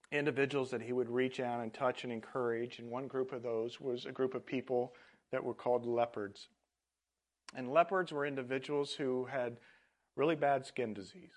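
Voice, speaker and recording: Earnest man preaching a sermon. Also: mid-range voice. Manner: earnest, with frequent fillers and restarts. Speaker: pastor.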